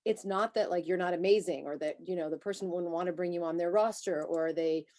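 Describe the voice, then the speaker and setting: Lively candid woman panelist. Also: lowish voice, brisk. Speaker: translation agency panelist. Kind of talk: panel discussion answer.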